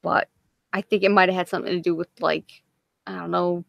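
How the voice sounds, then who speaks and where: A woman's voice: fairly low pitch, little pitch movement, fairly quick, gravelly, dry recording, dull audio. A woman hosting a casual livestream chat, bantering and swearing freely. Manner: profane, laughing banter. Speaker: livestream host.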